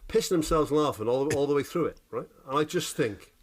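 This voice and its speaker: A slightly higher-voiced man spins animated, sweary anecdotes in casual podcast chat. He keeps tagging his points with "right?" to pull the listener along. The delivery is conversational and emphatic. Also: a little fast. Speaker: podcast co-host.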